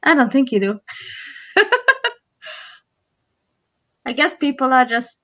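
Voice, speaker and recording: A woman's voice: sits high, takes it slowly, fairly bright tone, dull audio. A woman in a casual chat, talking with frequent restarts and laughter. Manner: hesitant, laughing, many restarts. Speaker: co-host.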